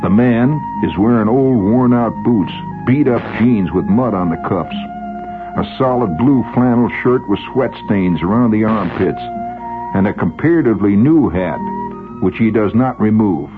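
Low, lively male storyteller; wry first-person narration. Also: moderate pace, narrow, tinny audio, over music.

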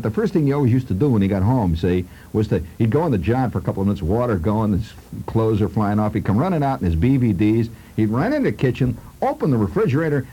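A man's voice: mid-range voice, mellow, slightly rough, low-quality recording. A man telling a humorous childhood story in a rambling, conversational way with asides to his listeners.

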